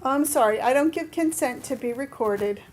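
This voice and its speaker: A woman playing a nurse who tries to calm an upset visitor, hesitating and apologetic. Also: high voice, moderate pace, slight background noise, lightly acted, low-quality recording. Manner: hesitant, soothing. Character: calm young female nurse defusing an angry visitor. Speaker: nurse in a training role-play.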